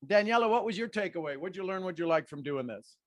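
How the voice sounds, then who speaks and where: A man coaching a group on a video call, energetic and repeating his commands over and over. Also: high voice, fast talker, no echo, clean studio sound. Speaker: life coach.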